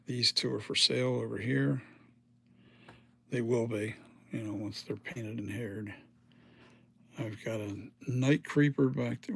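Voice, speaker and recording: A man's voice: mid-range voice, steady tone, unhurried, gravelly, pauses often, breathy edge, dry recording. A tired middle-aged man who makes masks rambles casually to his viewers, filming himself on a phone camera in his home workshop. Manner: rambling, talks straight to viewers. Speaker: mask maker. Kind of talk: casual vlog chat.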